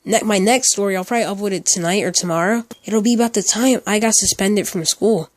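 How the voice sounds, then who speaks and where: A man's voice: high voice, fast talker, no room sound. A teenage boy telling a casual storytime, rambling with lots of fillers and restarts. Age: teens. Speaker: storytime YouTuber.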